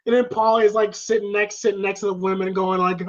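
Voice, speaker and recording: This high-voiced man talks fast with few pauses, retelling a movie scene as a podcast co-host reviewing the film. Laughing, cursing and shouting the lines as he acts them out, he keeps the chat loose and profane, captured in dull lo-fi sound.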